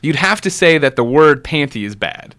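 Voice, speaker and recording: Brief: young male podcast host, bright lively delivery, jokey banter, reads mail. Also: fairly high pitch, normal speed. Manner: upbeat, jokey, reads listener mail aloud. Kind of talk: casual podcast chat.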